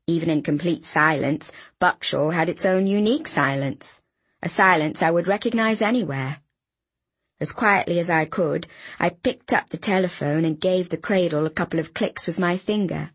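A woman reading an audiobook in a brisk, wry storytelling manner, with a husky voice. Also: fairly low pitch, no echo. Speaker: audiobook narrator. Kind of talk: scripted narration.

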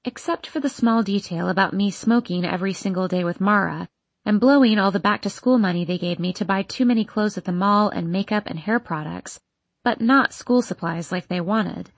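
A woman with a slightly husky voice narrates a first-person teen novel. She reads with emotional intensity. The recording is dry and close to the mic. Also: medium pitch, moderate pace, dry recording. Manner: emotional, intense, voicing an upset teenage girl. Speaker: audiobook narrator.

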